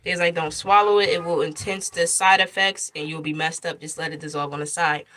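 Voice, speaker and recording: Bright, animated young mother storytelling. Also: low voice, brisk. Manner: animated retelling, acts out quoted lines. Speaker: mother telling her birth story. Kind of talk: casual storytime vlog.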